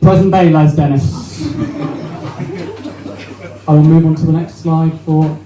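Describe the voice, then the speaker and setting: A young man works a small crowd in a brash, sweary stand-up set, his voice pitched high. He sounds a little distant from the mic, in a roomy space with faint background noise. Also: steady tone, a little slow, warm tone. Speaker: stand-up comedian. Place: small venue with a live audience.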